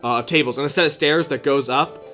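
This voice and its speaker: A man's voice: mid-range voice, fast, sharp tone. A man narrating a tabletop game as game master, rambling with many fillers and breaking into character voices. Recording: faint background music.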